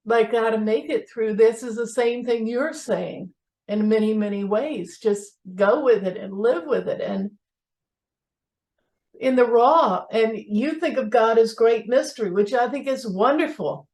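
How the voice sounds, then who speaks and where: A woman's voice: fairly high pitch, a little slow, darkish tone. A woman sharing in an online group, rambling and searching for words. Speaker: participant. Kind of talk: personal share.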